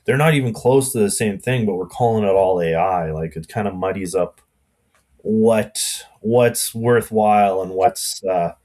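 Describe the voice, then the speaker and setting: A man's voice: low-pitched, a little mellow. A man with a Canadian accent, a blacksmith guest chatting casually and rambling with lots of fillers on a podcast. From Alberta, Canada.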